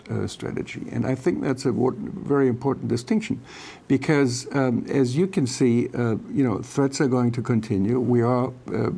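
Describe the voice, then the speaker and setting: A man's voice: medium pitch, creaky, darkish tone. German man answering with many fillers. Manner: hesitant, many fillers and restarts. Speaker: guest expert on foreign policy. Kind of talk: policy interview, unscripted.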